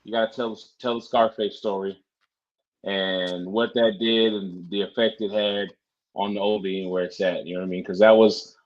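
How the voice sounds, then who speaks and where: A man's voice: fairly low pitch, steady tone, moderate pace, lo-fi sound. A man co-hosting a podcast, prompting the guest and repeating his phrases in casual chat. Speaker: podcast co-host.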